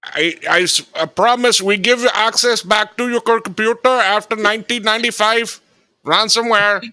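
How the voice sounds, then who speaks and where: A pushy call-center scammer speaks in a put-on Indian accent, voiced by a man. His voice sits well above the speaker's normal talk and sounds bright. The English is broken and insistent. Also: high-pitched, steady tone, normal speed, smooth, dry recording, clean studio sound, pitched above the performer's own voice. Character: fast-talking male call-center scammer. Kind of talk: comedic improvised bit.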